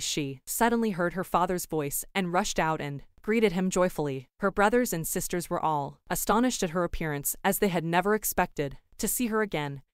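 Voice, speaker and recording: Woman reading a fairy tale for english learners, calm, lowish voice, dry close sound. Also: smooth, no room sound. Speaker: narrator. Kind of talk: storybook narration for English learners.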